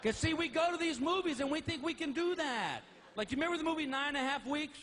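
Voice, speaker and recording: Animated comic on a live stage. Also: male voice, fast talker. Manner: animated storytelling with high-pitched put-on voices for wife and dog. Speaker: stand-up comedian. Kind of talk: stand-up comedy routine. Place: large theater stage with a laughing audience. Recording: live concert recording with audience noise.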